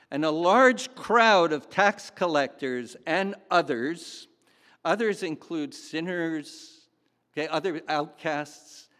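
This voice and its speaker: A man's voice: fairly high pitch, a bit bright. A man preaching a sermon in a chatty, storytelling way with fillers and asides. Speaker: pastor. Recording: long hall reverb.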